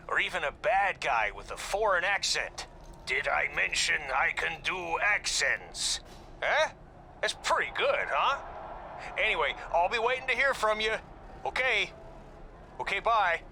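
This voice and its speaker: An actor voicing an eager, pushy wannabe actor in a video game, leaving a voicemail. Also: male voice, sits high, big pitch swings, measured pace, pushed and bright, a little hiss or hum, heavily acted.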